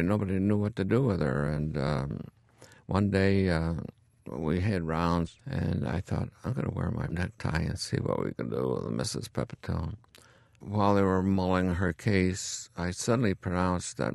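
This upstate New York man, a retired country doctor in his eighties, shares wry, chuckling stories of his school days with his grandson during an interview. He speaks at a normal speed in a low, creaky, slightly mellow voice, captured as a dry, studio-quality recording.

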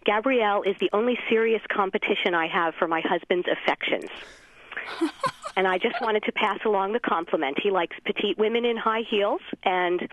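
A woman's voice: mid-range voice, moderate pace. A woman calling in to a radio show, giggling cheerfully as she passes along a compliment. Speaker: caller. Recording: muffled phone line.

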